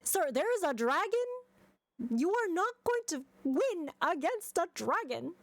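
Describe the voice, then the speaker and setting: A woman's voice: very high-pitched, very animated, a little slow. A young woman streaming a game, chatting casually and exasperated, with frequent swearing and laughter.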